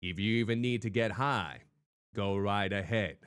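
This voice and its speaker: Low-voiced man in a noir private-eye voice. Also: normal speed, a bit bright, clear, resonant tone, no echo, clean studio sound. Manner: chatty, greets viewers by name. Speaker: streamer. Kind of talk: live game-stream commentary. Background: faint background music.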